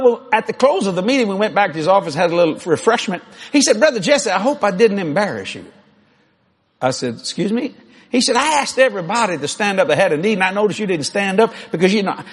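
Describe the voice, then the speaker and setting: A man preaching a sermon, shouting and boasting with animated laughs. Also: sits high, slightly rough.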